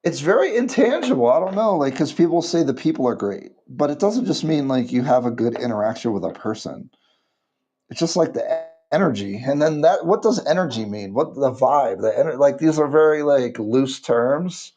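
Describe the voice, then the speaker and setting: Man, 30s, from the US, warm mellow voice, livestream chat, rambling, halting restarts. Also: medium pitch, expressive. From United States. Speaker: livestream vlogger.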